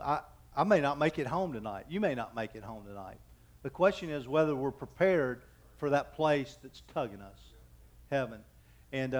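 A man in his fifties preaching a sermon as pastor, telling folksy, joking anecdotes and often stopping to restart his sentences. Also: mid-range voice. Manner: halting, with frequent restarts.

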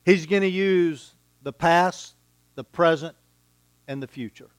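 A man preaching a sermon in a slow, deliberate way, stressing his key words. His voice is high and smooth. The sound is dry and close. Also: no room sound. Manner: deliberate, emphatic teaching with repeated phrases. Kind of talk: expository sermon.

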